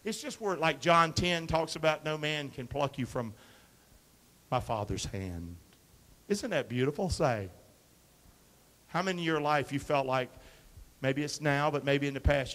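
A man preaching a sermon as pastor, quoting scripture and calling for responses from the congregation, shifting between quiet asides and loud emphatic lines. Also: mid-range voice, normal speed. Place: church sanctuary. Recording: long reverb of a hall.

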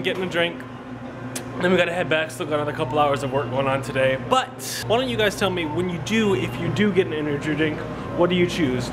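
A man's voice: a little high, very noisy. A man chatting casually to his camera as a vlogger, asking his viewers questions while out on a break. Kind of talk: casual vlog chat. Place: in a car and a convenience store.

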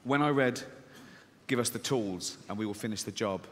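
A man's voice: lowish voice, moderate pace, fairly bright tone, slight background noise. A man performing stand-up comedy, sardonic and mocking, acting out little scenes. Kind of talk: stand-up routine. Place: large venue with audience. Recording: live hall recording with reverb.

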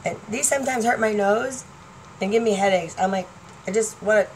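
A woman's voice: medium pitch, a little fast, a little mellow, slight background noise, low-quality recording. A woman in her forties talking casually to her fans in a vlog, rambling between topics and laughing often. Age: 40s. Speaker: vlogger.

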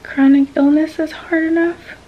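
A woman's voice: high-pitched, flat delivery, normal speed, muffled recording, a little hiss or hum. A woman venting frustration in a casual talking-to-camera vlog, with lots of ums. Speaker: vlogger sharing a medical experience.

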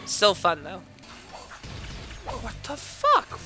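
A woman hosting a gaming video, giving loud, furious gameplay commentary full of swearing. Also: medium pitch, huge pitch swings, extremely slow, over music.

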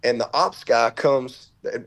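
Middle-aged coach, gravelly, mid-pitched, earnest storyteller who acts out quotes. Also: male voice, measured pace, a bit bright. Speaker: football head coach, podcast guest. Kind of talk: storytelling in an interview.

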